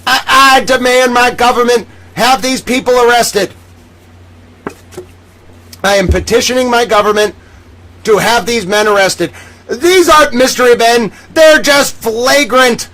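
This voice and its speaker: A man's voice: extremely high pitch, sharp tone, voice pushed up, heavily acted, poor audio. A man voicing an indignant self-styled male journalist who melodramatically demands that the government arrest people. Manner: melodramatic, pompous outrage, demanding.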